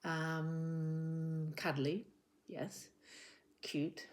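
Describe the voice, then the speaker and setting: Slow, gentle woman teaching little kids. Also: low-pitched, flat delivery. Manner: gentle, encouraging, slow and drawn out; sounds out letters and slips into soft whispers. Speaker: children's literacy presenter. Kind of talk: teaching young children with a puppet. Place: home living room.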